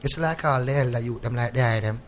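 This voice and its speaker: A man's voice: mid-range voice, fast talker, a little hiss or hum. Preachy Jamaican man in patois. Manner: preachy and reflective, in patois, often asks "you know what I mean". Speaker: guest reggae artist. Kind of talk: in-studio radio interview. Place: radio studio.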